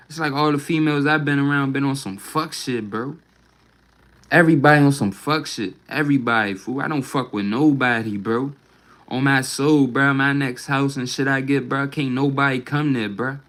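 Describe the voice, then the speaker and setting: A man's voice: medium pitch, a bit bright, poor audio. Man venting on a phone livestream. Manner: rambling, profane, ends nearly every phrase with "bruh". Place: at home.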